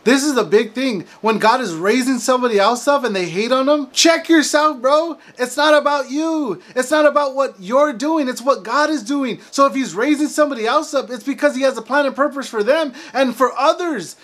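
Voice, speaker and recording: A man's voice: very high voice, moderate pace, hardly any pauses, fairly bright tone. A man giving a preachy motivational monologue as a Christian faith vlogger, emphatic and ranting at times.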